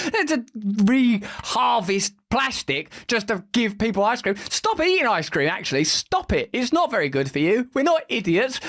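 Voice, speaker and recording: A man rants through news clips in a sarcastic, mocking way, and his pitch swings widely as he talks. He swears casually and sounds like a podcast host doing running commentary. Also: fairly bright tone.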